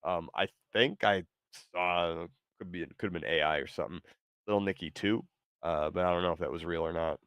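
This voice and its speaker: A man's voice: low voice, brisk, a bit bright, clear, resonant tone, no room sound. A man hosting a stream, chatting casually and reading out viewer messages, hesitant with many ums and restarts. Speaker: streamer host.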